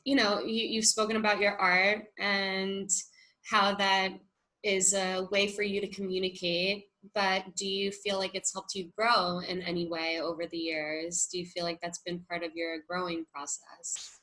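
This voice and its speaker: A woman's voice: medium pitch, flat delivery, measured pace, bright, forceful tone, low-quality recording. A woman co-hosting a podcast, upbeat and giggly, peppering her speech with "like". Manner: giggly, upbeat, says "like" often. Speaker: podcast co-host. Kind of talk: casual podcast chat.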